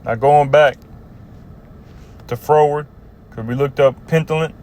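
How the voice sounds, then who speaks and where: A man casually teaching scripture, earnest and halting, reading verses slowly and with emphasis. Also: on the high side, fairly even intonation, a little mellow. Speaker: bible teacher.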